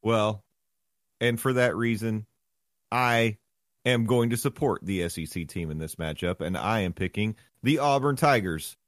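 A man co-hosting a casual sports podcast, giving his picks in a measured, plainspoken way. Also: fairly low pitch, no room sound, clean studio sound. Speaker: podcast co-host.

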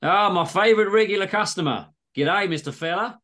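A man's voice: sits high, brisk, a bit bright, voice pushed up. A man voicing a cheery Australian doctor with an exaggerated Australian accent and a breezy manner. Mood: jovial. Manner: jovial, breezy. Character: cheery male Aussie doctor, middle-aged. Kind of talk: comedy story reading.

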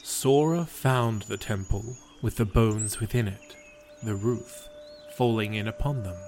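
Slow, low-voiced male storyteller. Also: soft background music. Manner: calm, solemn, measured reading. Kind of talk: scripted story narration.

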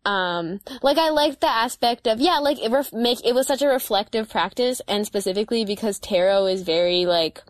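A woman's voice: fairly high pitch, normal speed, hardly any pauses, dry recording. Young woman chatting, dry close sound. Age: young adult, about twenty. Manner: relaxed, thoughtful, many "like" fillers. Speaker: podcast co-host. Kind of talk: casual chat.

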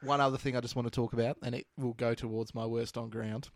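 A man's voice: medium pitch, little pitch movement, fast talker, dry recording, studio quality. Blunt Australian man chatting casually. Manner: blunt, joking, swears casually. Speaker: podcast co-host. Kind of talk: casual chat.

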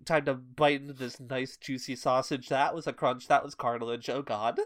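A woman's voice: extremely low pitch, steady tone, normal speed. A woman co-hosting a casual book podcast, swearing freely and laughing as she riffs on jokes. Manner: profane, laughing, riffing. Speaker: podcast co-host. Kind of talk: casual book-club chat.

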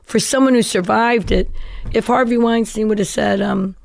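A woman's voice: fairly high pitch, steady tone, normal speed, creaky, darkish tone, no echo. A woman comedian telling her life story as a guest, chatty and self-mocking. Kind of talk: candid storytelling interview.

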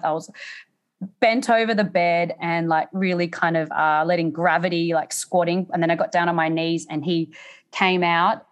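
Australian woman, slightly low voice, animated storytelling, podcast guest. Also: clear, resonant tone. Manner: animated, acts out quotes in raised voice. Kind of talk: candid storytelling.

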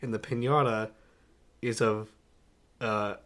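A young man co-hosts a laid-back movie podcast. He reads through his notes with plenty of "uh"s and laughs often. He turns lively and excited when something strikes him. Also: on the low side, slow pace. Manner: animated, laughs often, lists notes with many "uh"s. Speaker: podcast co-host. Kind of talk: casual movie-review chat.

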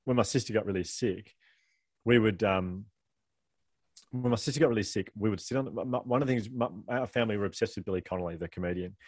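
Fast-talking man, rambling and laughing. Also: fairly low pitch, no room sound. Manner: fast, rambling, self-deprecating, laughing often. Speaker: guest author. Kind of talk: candid conversational storytelling.

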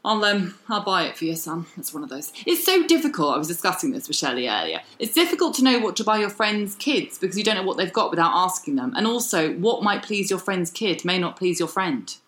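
A woman's voice: fairly low pitch, very animated, brisk, hardly any pauses, fairly bright tone. A woman co-hosting a casual podcast, teasing her co-host and chatting playfully. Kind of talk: casual chat. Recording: roomy echo.

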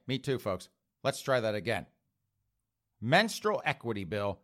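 A man's voice: medium pitch, big pitch swings, normal speed, fairly bright tone. A middle-aged man hosting an opinion talk show, ranting in a sarcastic, mocking tone. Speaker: host.

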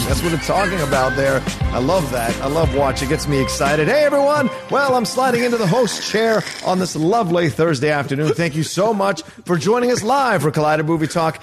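A man's voice: fairly high pitch, expressive, over music. Upbeat joking male talk show host. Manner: upbeat, joking, quick asides. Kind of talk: casual movie news chat.

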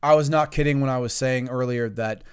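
A man's voice: mid-range voice, brisk, darkish tone, clean tone. A man from the United States, a recurring guest on a casual podcast, joking around and then turning earnest.

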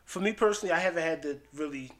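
A man who is a father, a guest on a casual podcast, speaking in a relaxed, hesitant way with fillers. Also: a little high, racing, crowd noise. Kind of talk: casual chat.

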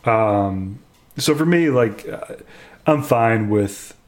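A man's voice: fairly low pitch, expressive, slow. A man in casual conversation, co-hosting a chat about a game. He rambles and sounds exasperated, with the odd laugh breaking through. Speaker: podcast co-host.

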